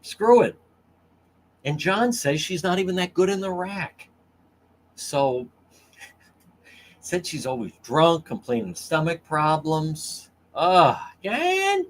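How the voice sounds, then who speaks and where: A man's voice: fairly high pitch, unhurried, long pauses. A man hosting a casual livestream, crude and mocking as he reads comments from chat. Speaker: livestream host.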